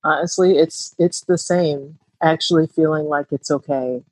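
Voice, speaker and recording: A woman's voice: deep voice, fairly even intonation, normal speed, darkish tone, no room sound, low-quality recording. A woman co-hosting a podcast, speaking candidly and reflectively in a casual, heartfelt conversation. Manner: reflective, candid, rising emphasis. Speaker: podcast co-host.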